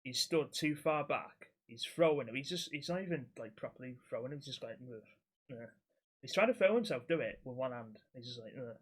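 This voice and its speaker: A young man chats on a podcast in a blunt, sweary storytelling way. His voice sits at an ordinary middle pitch, neither deep nor high. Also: animated, fast, few pauses, slightly rough. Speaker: podcast co-host and axe-throwing instructor. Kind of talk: casual chat.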